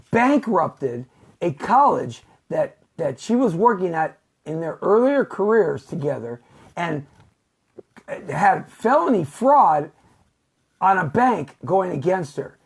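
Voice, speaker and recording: A woman's voice: lowish voice, very animated, a little slow, creaky, breathy edge. A woman hosting a talk show, ranting in a sarcastic, rambling way with stammers and repeated phrases. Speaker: host. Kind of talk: political talk show rant.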